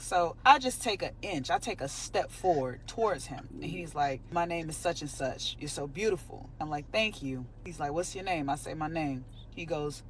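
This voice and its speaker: A woman's voice: deep voice, animated, normal speed, few pauses, a little hiss or hum, low-quality recording. A woman telling a story in a chatty, sassy way, filming herself in her car. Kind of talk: casual storytelling car video.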